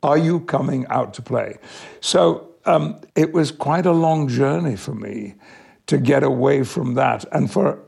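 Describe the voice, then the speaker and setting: Gravelly, husky older man. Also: medium pitch, darkish tone. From Yorkshire, England. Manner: measured storytelling with small restarts. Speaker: actor, interview guest. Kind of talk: anecdotal interview answers.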